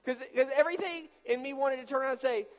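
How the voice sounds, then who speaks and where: A man with an extremely high-pitched voice talks fast while preaching a sermon. He jokes with volunteers as he acts out a demonstration, telling the story in an animated, playful way. A long hall reverb fills the recording.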